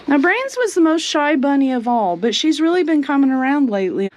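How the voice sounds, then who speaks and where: A woman chatting casually as she walks through her homestead showing the animals, sometimes cooing at them in a high sing-song. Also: big pitch swings, fairly quick, darkish tone. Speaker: homestead vlogger. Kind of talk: casual walking tour vlog. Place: outdoors on a homestead among animals.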